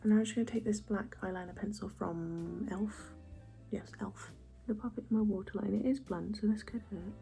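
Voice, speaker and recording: A young beauty vlogger chats casually as she does her makeup, speaking softly and often half-whispering in a chatty, self-mocking way. Her mid-range voice is a little fast and gravelly, with soft music in the background.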